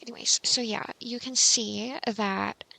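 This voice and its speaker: A woman hosting a casual game tutorial, chatty and rambling with many fillers, and quick to mock herself. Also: fairly high pitch, fairly even intonation, gravelly, bright, forceful tone. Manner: self-mocking.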